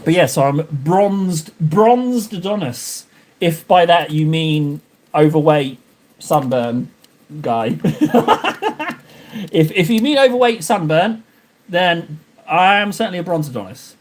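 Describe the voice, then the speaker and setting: A man's voice: on the high side, sing-song, takes it slowly. Jokey, rambling man from Cornwall. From Cornwall, England. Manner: jokey, rambling, talks to chat. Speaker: livestreamer painting miniatures. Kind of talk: casual live-stream chat.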